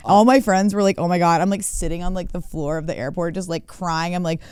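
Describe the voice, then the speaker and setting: A woman's voice: lowish voice, brisk, clear, resonant tone, dry recording. Chatty swearing woman telling a wild story. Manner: animated, swearing, many "like" fillers, laughing often. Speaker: guest, DJ. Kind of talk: casual storytelling chat.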